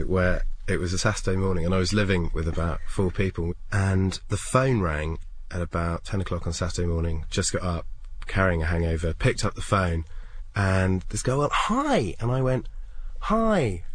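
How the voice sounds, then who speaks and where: A man in his thirties with a notably deep voice tells stories from his life in a relaxed interview. He's a lively storyteller who slips into other people's voices when quoting them. A faint background noise hangs under the recording. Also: normal speed, hardly any pauses. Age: 30s. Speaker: comedian, interview guest. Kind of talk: casual anecdotal interview.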